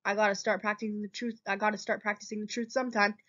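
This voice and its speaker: A woman's voice: medium pitch, level tone, fast talker, a bit bright, close to an everyday voice. A woman voicing a frightened, tearful young country boy who pleads in plain speech, on a dull lo-fi recording.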